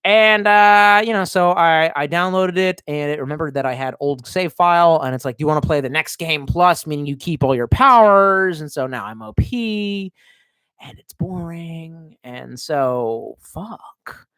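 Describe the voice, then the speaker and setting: A man's voice: fairly high pitch, a little slow, a bit bright, smooth, dry recording, studio quality. A man livestreaming and reading viewer chat, rambling casually and swearing a lot while drinking. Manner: profane, rambling, sardonic. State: drinking, tipsy.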